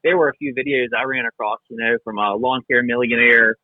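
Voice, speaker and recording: A man from Florida, a podcast guest, chatting casually and quickly with lots of fillers. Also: medium pitch, fairly even intonation, gravelly, dry recording. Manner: quick, filler-heavy, laughing easily. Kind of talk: casual interview chat. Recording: tinny phone-like remote call.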